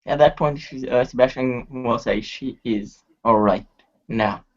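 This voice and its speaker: A man playing in a tabletop game, describing his character's actions. He speaks haltingly, with restarts. The recording sounds muffled, as if from a cheap mic. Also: mid-range voice. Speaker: player.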